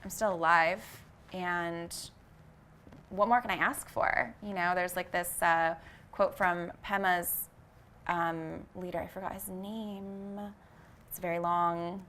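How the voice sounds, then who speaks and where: Woman, bright voice, earnest, reflective, casual interview guest, searching for words with fillers. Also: on the low side, fairly even intonation, slow. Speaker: vegan fashion brand founder, interview guest.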